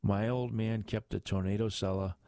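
A man's voice: lowish voice, steady tone, normal speed, dark tone, smooth, no room sound, lightly acted. A man doing an earnest Midwestern soldier.

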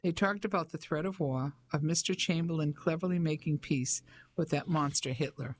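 An audiobook narrator reading a novel in an even, measured storytelling manner. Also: medium pitch. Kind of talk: scripted narration.

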